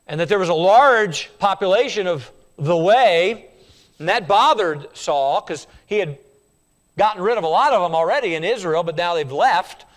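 A male preacher works through a passage with emphatic repetition and keeps turning questions on his listeners. His voice sits a little high and swings widely in pitch. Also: animated, normal speed. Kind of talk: sermon.

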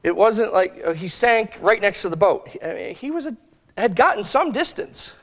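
A man preaching a sermon in a conversational way, thinking aloud with restarts and slowing to give quoted scripture weight. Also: sits high, sing-song, a bit bright, in a large hall. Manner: slow, emphatic phrasing of quoted scripture.

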